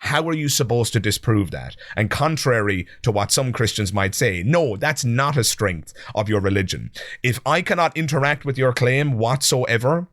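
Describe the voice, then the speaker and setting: A man hosting a podcast, giving sarcastic and animated commentary on audio clips and speaking to the listener. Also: medium pitch, normal speed, few pauses, dry recording, clean studio sound. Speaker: podcast host.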